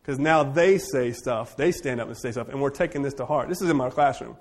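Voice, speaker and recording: A man who is a teacher, leading a church group discussion and telling stories in an animated, joking way. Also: mid-range voice. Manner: animated, jokey storyteller with quick asides. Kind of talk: casual group discussion with storytelling.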